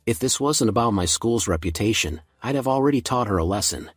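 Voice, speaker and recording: Stern snappy principal, dismissive, husky, narrator doing him. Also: male voice, lowish voice, animated, fairly quick, no room sound, clean studio sound. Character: stern self-serving male school principal.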